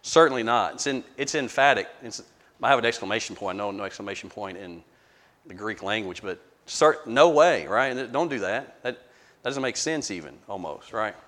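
A man's voice: lowish voice, animated, moderate pace, fairly bright tone, big-room sound. A man leading a verse-by-verse Bible study, talking conversationally, often restarting words and asking the group for questions.

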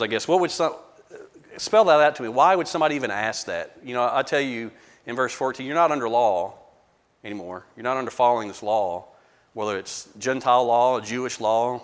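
A man's voice: medium pitch, brisk, long reverb tail. A man leading a verse-by-verse Bible study, talking conversationally, often restarting words and asking the group for questions.

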